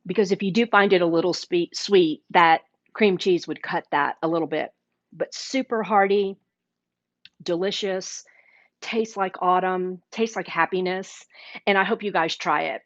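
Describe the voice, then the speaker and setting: A woman's voice: lowish voice, dry recording. A woman hosting a casual live cooking demo, chatty and enthusiastic, sometimes talking with her mouth full while tasting. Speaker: cooking show host. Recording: dull lo-fi livestream audio.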